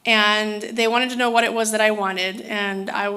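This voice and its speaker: A woman's voice: mid-range voice, fairly even intonation, moderate pace, sharp tone. A woman telling a personal story in a casual, rambling way, often restarting her sentences. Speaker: spiritual speaker.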